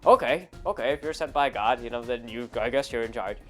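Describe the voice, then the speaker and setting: A man voicing a huge, dim-witted male wolf man who speaks in slow, halting, simple words. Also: medium pitch, expressive, faint music behind, voice pushed down, natural voice. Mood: dim, agreeable.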